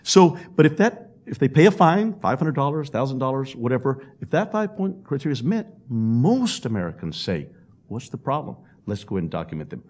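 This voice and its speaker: A man speaks at a public panel, his pitch rising and falling in a lively, animated way. He tells stories and slips into the voices of the people in them. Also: fairly quick. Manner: storytelling with acted-out quotes and laughs.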